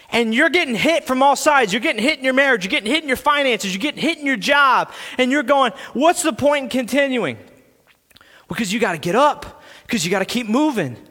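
A man's voice: very high voice, lively intonation, fairly quick, pushed and bright. A man preaching a sermon as pastor in a church sanctuary, earnest and building into impassioned delivery. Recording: long church reverb.

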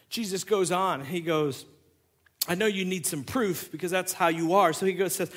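A man who is a pastor, preaching a sermon and acting out both sides of a conversation in an animated storytelling way. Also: high voice, moderate pace, husky.

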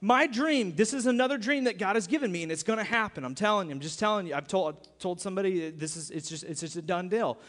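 Pastor guy preaching, pretty high voice, repeats himself a lot, big echoey church. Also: quick pace, few pauses, fairly bright tone. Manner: emphatic, repeats himself, acts out quoted voices. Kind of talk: sermon. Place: church sanctuary. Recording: long hall reverb.

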